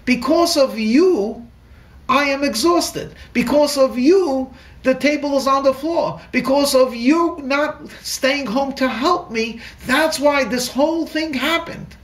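A man playing a distraught, shouting wife. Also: very high-pitched, slow pace, pitched above the performer's own voice, exaggerated voice. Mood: angry, tearful. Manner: shouting and accusing. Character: exhausted, distraught young wife, adult woman. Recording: echoey room, distant mic.

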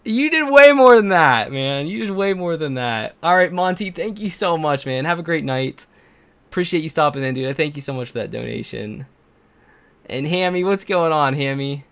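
A man live-streaming a video game, chatting with his viewers and gushing thanks, sometimes bursting into shouts. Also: fairly high pitch, moderate pace, vocal fry, smooth. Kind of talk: live-stream chat while playing. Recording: background music under voice. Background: game music.

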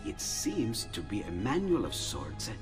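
A cheerful Renaissance inventor in a video game, his low voice swooping wildly up and down as he exclaims with delight. His lines ring with a long hall reverb over faint game music. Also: wildly swooping pitch, measured pace, recorded from a distance. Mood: excited.

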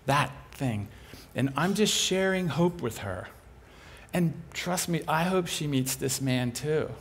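A man preaching a sermon as an animated, humorous storyteller. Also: a little high, takes it slowly.

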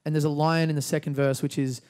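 A young man with an Australian accent, a musician guest talking in a relaxed, rambling way with lots of fillers. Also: fairly high pitch, quick pace. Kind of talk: casual interview chat.

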